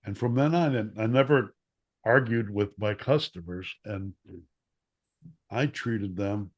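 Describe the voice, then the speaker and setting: A man telling a childhood story in casual conversation, animated and acting out quotes, with occasional coughs. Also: on the low side, measured pace. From Chicago area. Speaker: guest, former newspaper columnist.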